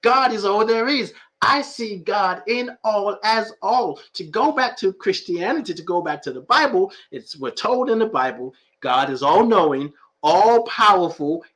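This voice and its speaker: A middle-aged man with a high-pitched, fairly bright voice hosts a live-streamed spiritual talk show, reading viewer comments. As a podcast host and life coach, he preaches emphatically, repeating phrases for effect, laughing often, and sounding emotional and full of feeling.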